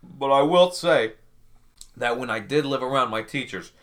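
A man's voice: mid-range voice, moderate pace. A man co-hosting a casual talk show, chiming in with dry, wry one-liners. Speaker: podcast co-host. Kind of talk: casual chat.

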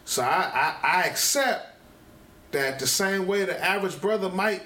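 A man co-hosting a casual podcast chat, telling points with animated laughter. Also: high-pitched, moderate pace, reverberant. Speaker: podcast co-host.

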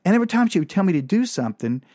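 A man's voice: sits high, big pitch swings, rapid-fire, a little mellow, dry recording. Male comic storyteller, casual and wry, dry close mic.

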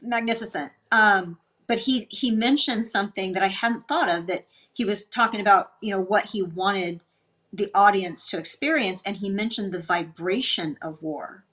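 A woman co-hosts a casual film review chat, reacting to her partner in a chatty, exclamatory way. Her voice sits at an ordinary middle pitch. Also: normal speed, a bit bright. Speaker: co-host.

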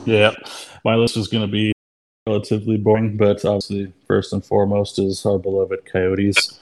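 A young man with a low, flat voice co-hosts a casual podcast. He talks in a laid-back, easygoing way and leans on lots of filler words. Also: normal speed. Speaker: podcast co-host.

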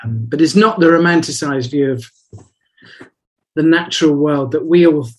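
A man's voice: a little high, normal speed. A man in casual conversation, telling rambling, reflective stories. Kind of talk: casual chat.

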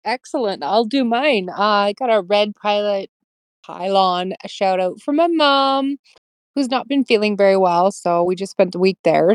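A woman co-hosting a casual podcast, giving shout-outs in easy conversation. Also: mid-range voice, clean tone, no echo. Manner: amused, laughing along. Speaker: podcast co-host. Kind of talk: casual chat.

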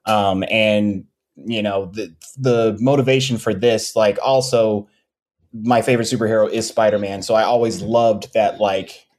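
A man, a comics creator being interviewed, talking casually about his books with many pauses and restarts. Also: fairly low pitch. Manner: relaxed, many ums and restarts.

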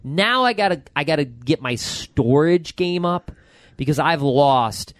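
A man in his forties hosting a podcast in casual chat, an excitable, rambling storyteller. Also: a little high, unhurried, no echo, clean studio sound. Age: 40s. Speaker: podcast host.

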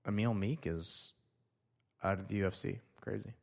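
A man's voice: lowish voice, normal speed, vocal fry, a little mellow. A young man hosting a casual solo show, rambling loosely and talking to himself as he reads through items. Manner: loose, rambling, talks to himself while reading. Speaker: podcast host.

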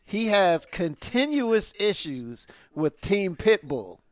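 A man's voice: sits high, sing-song, slow pace, no room sound. A man hosting a podcast, asking his guest questions in a casual chat. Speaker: podcast host.

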